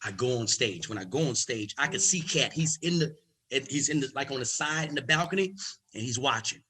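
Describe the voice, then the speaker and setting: A man from the United States, a comedian guest, telling a lively story and acting out each voice. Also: mid-range voice, a little fast, breathy edge, rough recording. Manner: lively, acts out every voice. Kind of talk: animated storytelling.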